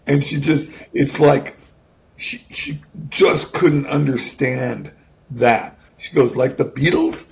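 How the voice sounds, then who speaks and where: A man in his sixties, a guest, telling an emotional personal story in a halting way, often restarting and repeating words. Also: medium pitch, fairly even intonation, gravelly, darkish tone. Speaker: guest musician.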